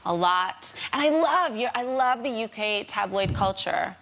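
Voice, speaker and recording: A woman comedian in her thirties, chatting on a talk show with deadpan jokes. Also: on the high side, a little slow. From Canada. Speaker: comedian guest.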